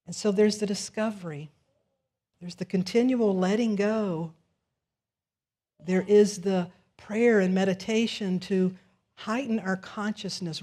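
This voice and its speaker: A woman's voice: medium pitch, a little mellow. A woman minister giving a sermon in a conversational, storytelling way in a church. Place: church sanctuary.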